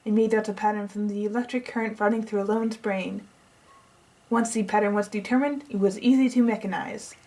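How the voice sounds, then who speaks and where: A woman's voice: medium pitch, steady tone, fairly quick, mellow, close to an everyday voice, rough recording. A woman reading out the lines of a pompous, eccentric male scientist as he lays out a long plan, with a half-tried put-on accent she keeps dropping. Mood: boastful. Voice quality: tries a put-on accent and drops it. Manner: reads long exposition aloud. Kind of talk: reading game dialogue aloud.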